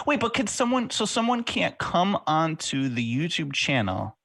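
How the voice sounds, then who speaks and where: A man's voice: a little high, big pitch swings, unhurried, creaky, fairly bright tone, no room sound. A man co-hosting a podcast in casual chat, easygoing and asking curious questions. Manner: inquisitive, easygoing, reacts with laughs and short remarks. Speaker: podcast co-host.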